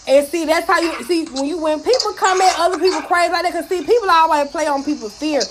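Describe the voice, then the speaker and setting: High-voiced, blunt woman ranting. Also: a little fast, few pauses, noisy background. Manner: blunt, heated, animated, heavy cursing, acts out quotes. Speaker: speaker in a live audio chat room. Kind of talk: casual profane rant and storytelling.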